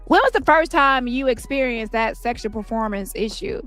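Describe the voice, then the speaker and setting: A woman reading a brisk trial attorney. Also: a little high, lively intonation, fairly bright tone, faint music behind, pitched above the performer's own voice. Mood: probing. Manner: brisk, pointed questioning. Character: attorney questioning a witness at trial.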